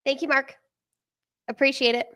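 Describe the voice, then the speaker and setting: A woman's voice: sits high, level tone, normal speed, bright, forceful tone, no room sound, studio quality. A woman hosting a live trading webinar over a video call, upbeat and welcoming. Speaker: webinar host, product director. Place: home in Denver.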